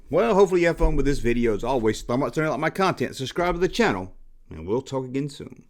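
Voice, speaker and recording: A man's voice: a little high, expressive, fast. A man in his forties with a Southern US drawl, hosting his own channel. He rants bluntly and repeats himself for emphasis, with a casual, exasperated edge. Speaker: YouTube host. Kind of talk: casual ranting commentary.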